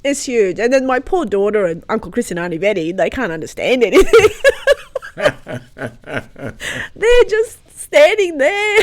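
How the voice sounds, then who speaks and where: A woman with a medium-pitched voice, recorded without echo, appears as a podcast guest telling a story about her family. Born in Croatia, she grew up with Croatian as her language. The conversation is a casual storytelling interview, and she delivers it emotionally and with lots of laughter.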